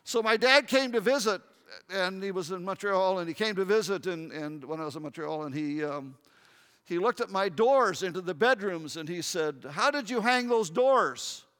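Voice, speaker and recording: A man preaching a sermon as pastor, earnest, dropping to hushed tones for emphasis. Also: high voice, moderate pace, smooth. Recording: long hall reverb.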